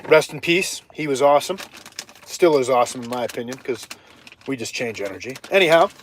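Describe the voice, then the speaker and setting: A man from Ohio telling a hiking story on a casual live stream, chatty and animated, breaking off to greet viewers. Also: medium pitch, a little fast, a little hiss or hum. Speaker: livestreaming vlogger.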